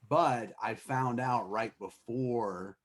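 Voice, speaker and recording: A man's voice: mid-range voice, slow pace. A man hosting a live music stream, chatting casually with hesitant fillers and restarts. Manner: sings with a soaring voice, then talks with hesitant fillers and restarts. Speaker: host.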